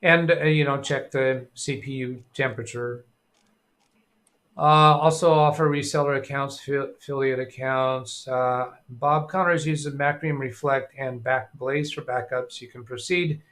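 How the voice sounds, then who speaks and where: A man's voice: mid-range voice, steady tone, a little slow, fairly bright tone. Middle-aged man, live-stream host, rambling, reads chat aloud, lots of ums.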